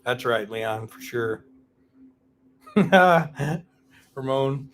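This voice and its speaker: A man's voice: mid-range voice, lively intonation, extremely slow, a bit bright, slight background noise. A man hosting a casual live stream, rambling, teasing and greeting viewers by name.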